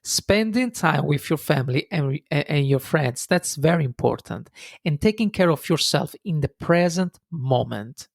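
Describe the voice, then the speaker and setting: A man's voice: on the high side, lively intonation, moderate pace, creaky, no echo, studio quality. A man hosting a solo podcast, talking reflectively with frequent fillers and restarts. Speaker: podcast host.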